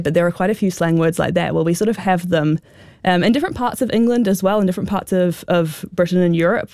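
A woman's voice: lowish voice, mellow, no echo, clean studio sound. Chatty woman with a New Zealand accent. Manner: chatty, many fillers like "sort of" and "um". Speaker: guest expert on slang. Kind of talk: radio interview, explaining.

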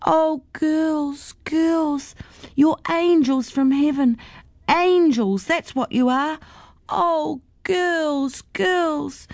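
A woman's voice: high voice, very slow, darkish tone, dry recording, studio quality, pitched above the performer's own voice, exaggerated voice. A woman reading a storybook, voicing a tearful, grateful old woman.

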